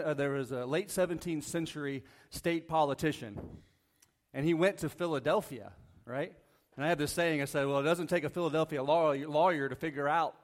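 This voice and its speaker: A man preaching a conversational sermon as a pastor, reading Bible verses, often checking in with the congregation and joking lightly. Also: fairly high pitch. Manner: casual, asks the congregation "right?" often, jokes lightly. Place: church sanctuary.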